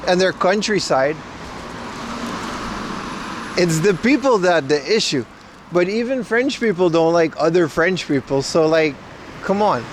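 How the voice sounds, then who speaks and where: A man's voice: high-pitched, lively intonation, measured pace, pauses often, background noise. A man casually chatting with his livestream viewers while walking outdoors, loose and slangy. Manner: loose slangy banter, reads chat. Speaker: IRL livestreamer. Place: outdoors on city streets.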